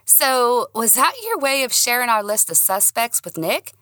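A woman's voice: on the high side, expressive, normal speed, sharp tone, no room sound, studio quality, pitched above the performer's own voice. Woman voicing a teasing, playful young man.

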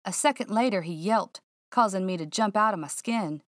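A woman narrating a first-person mystery audiobook in a hushed, suspenseful, drawling way. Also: medium pitch, normal speed, dry recording, studio quality.

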